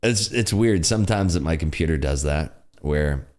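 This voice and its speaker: A man's voice: very deep voice, expressive, normal speed, darkish tone. A man hosting a live day-trading stream, chatting casually, joking and laughing often with his audience. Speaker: day-trading livestream host. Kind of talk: live trading commentary chat. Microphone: desk computer streaming setup.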